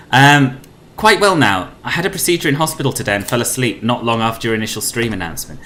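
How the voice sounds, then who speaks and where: A man's voice: mid-range voice, sing-song, fast, fairly bright tone, a little hiss or hum. A man chatting casually on a flight sim live stream, greeting viewers between tasks.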